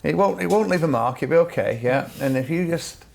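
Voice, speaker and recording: A gravelly man hosts a business event in front of a live audience. He mixes dry teasing with brisk directions to the crowd. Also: a little high, expressive. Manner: dry teasing asides, frequent brief agreements. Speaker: host. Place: conference room with audience.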